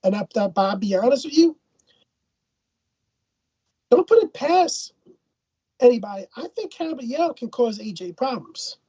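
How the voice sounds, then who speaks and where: A woman's voice: on the high side, very animated, moderate pace, pauses often, mellow, breathy edge, no room sound. Dull lo-fi woman co-hosting boxing talk. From Ireland. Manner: opinionated, repeats words when thinking. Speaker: boxing show co-host.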